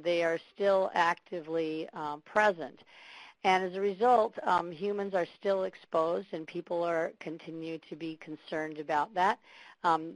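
Slightly hoarse woman presenting a webinar. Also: on the low side, no echo, rough recording. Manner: measured, with frequent ums. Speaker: webinar speaker, engineering professor.

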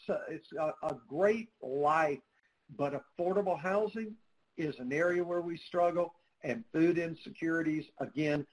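A man with a slightly higher-than-average voice answers interview questions as a nonprofit spokesperson. He speaks earnestly and tells stories, with lots of "uh" fillers and small restarts. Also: darkish tone, rough recording. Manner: earnest, storytelling, frequent "uh" fillers.

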